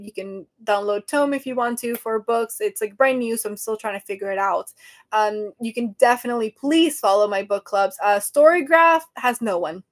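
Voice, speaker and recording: A woman hosting a casual livestream from her phone, chatty and flustered, laughing often. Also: medium pitch. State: sweating and flustered. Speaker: livestream host.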